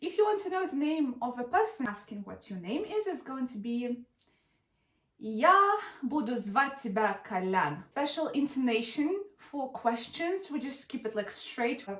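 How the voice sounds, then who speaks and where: A young woman with a Russian accent speaks in a fairly high voice, gushing and eager with a dry, teasing edge. She plays a mock language teacher in a comedy sketch. The recording is roomy with a clear echo. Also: sing-song, moderate pace.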